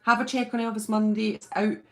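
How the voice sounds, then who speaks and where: A woman with a British accent hosting a live stream from home, chatting casually and reading out viewer comments in a gushing, excitable way. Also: on the high side, quick pace. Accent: British English.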